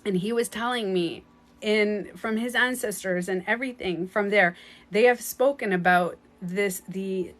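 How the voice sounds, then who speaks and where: A woman's voice: mid-range voice, measured pace, fairly bright tone. A woman with a light French accent, talking casually on a live stream as a spiritual coach, chatty and rambling, often laughing. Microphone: phone.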